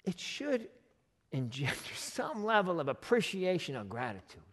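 A man pastor preaching a sermon in a lively, conversational way, firing off rhetorical questions at his congregation. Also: high-pitched, moderate pace, big-room sound.

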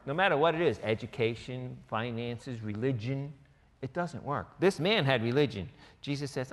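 A man's voice: medium pitch, normal speed. Emphatic male pastor in a reverberant hall. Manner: emphatic, conversational preaching with quoted asides. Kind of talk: sermon.

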